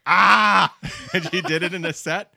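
Effusive bright-voiced male host. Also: a little high, level tone, no echo, studio quality. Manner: effusive and halting, with many restarts. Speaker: podcast host. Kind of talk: casual podcast chat.

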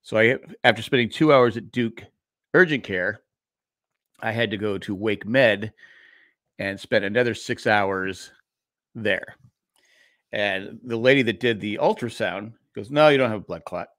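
A man's voice: on the low side, measured pace, long pauses, fairly bright tone, no room sound, clean studio sound. A middle-aged man co-hosting a podcast, rambling through a story in casual chat with restarts and laughs. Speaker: podcast co-host.

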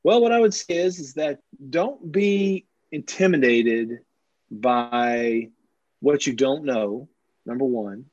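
A man who is a sportswriter, telling animated anecdotes with frequent restarts in a casual interview, on a slightly dull recording. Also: medium pitch, slow, no room sound. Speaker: sportswriter guest.

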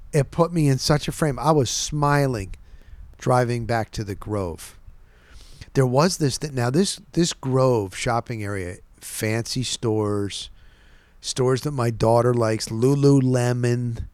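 A man in a dry, close studio sound, telling a rambling personal story in a casual podcast chat. He jumps into the voices of the people he met, rising high and loud for them, then drops back to his mid-pitched voice. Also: no room sound. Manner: animated, acts out quoted voices. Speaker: podcast host.

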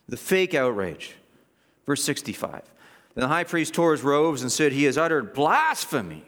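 A man preaching an expository sermon, animated and mocking, with frequent restarts and sarcastic asides. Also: a little high, moderate pace, long reverb tail.

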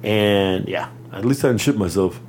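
A man from Texas, co-hosting a podcast and telling a story in a loose, animated way, laughing often and cursing freely. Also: fairly low pitch, moderate pace, slight background noise. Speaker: podcast co-host. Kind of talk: casual storytelling chat.

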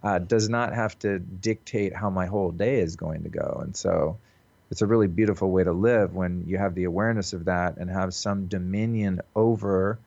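A man's voice: deep voice, fairly even intonation, moderate pace, gravelly, darkish tone, no room sound. A man talking as a podcast guest in an earnest, reflective way, casual and loose with swearing, over a call. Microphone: call recording. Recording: dull, lo-fi call audio.

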